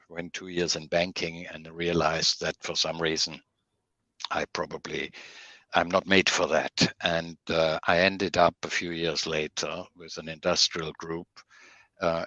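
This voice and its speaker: Deep Swiss German man in his sixties. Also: fairly even intonation, measured pace, bright, forceful tone, dry recording. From Switzerland. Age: 60s. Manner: hesitant, with frequent uh fillers. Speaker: guest. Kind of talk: interview answers.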